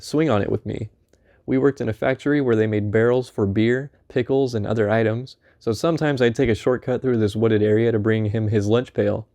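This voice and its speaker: A man reading a first-person memoir aloud in an unhurried, conversational storytelling manner. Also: on the low side, mellow. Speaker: audiobook narrator.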